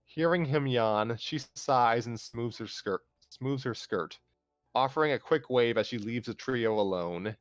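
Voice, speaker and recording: A man calmly narrating a fan story aloud on a livestream, steady with small restarts. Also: medium pitch, measured pace, dry recording. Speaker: storyteller host.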